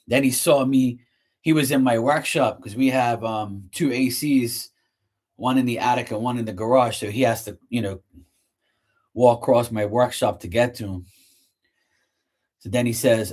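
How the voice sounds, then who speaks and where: A man's voice: mid-range voice, a little mellow. A man telling stories in a loose, slangy, rambling way while washing dishes at home. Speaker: vlogger.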